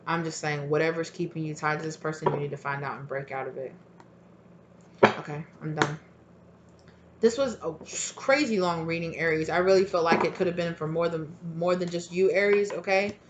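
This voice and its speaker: A woman's voice: deep voice, moderate pace, muffled recording, very noisy. Blunt, swearing woman reading tarot. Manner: casual and blunt, swears freely, acts out quoted reactions; rambling with many fillers. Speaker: tarot reader.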